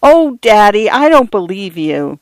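A man reading aloud voices a shy, excited little girl asking her father eager questions in a raised voice. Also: high voice, unhurried, no room sound, pitched above the performer's own voice, heavily acted.

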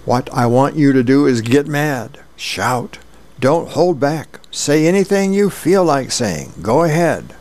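A man's voice: mid-range voice, steady tone, measured pace, hardly any pauses, a little mellow, lightly acted. A man reading the lines of a bossy girl playing psychiatrist in a comic strip. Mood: lecturing.

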